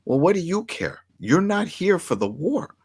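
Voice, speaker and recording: A man co-hosting a casual TV recap chat, animated and acting out characters' lines. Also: fairly high pitch, normal speed, breathy edge. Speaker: podcast co-host.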